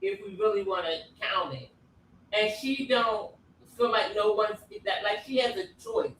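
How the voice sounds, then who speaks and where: A woman's voice: medium pitch, a little slow, a bit bright, distant mic. A woman giving blunt, matter-of-fact opinions in a casual chat. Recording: roomy, off-mic, faint background noise.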